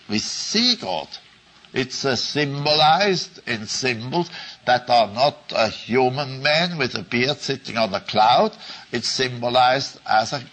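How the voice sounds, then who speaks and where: A man giving a slow religious teaching talk, repeating phrases for emphasis and chuckling at his own asides. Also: mid-range voice, fairly bright tone, low-quality recording. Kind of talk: slow explanatory Bible talk.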